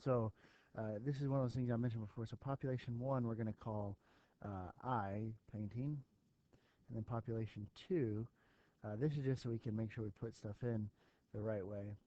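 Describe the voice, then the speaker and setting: Man teacher, warm relaxed tone, lo-fi recording, talks through steps with ums. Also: on the low side, normal speed. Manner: thinking aloud with fillers, talking to students. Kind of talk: recorded math lesson walkthrough.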